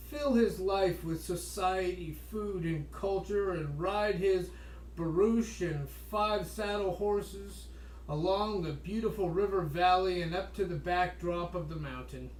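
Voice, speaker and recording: A man reading a history book aloud as a podcast host, slowing down for emphasis and breaking off for wry asides. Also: high-pitched, a little mellow, a little hiss or hum. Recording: echoey room, voice distant from mic.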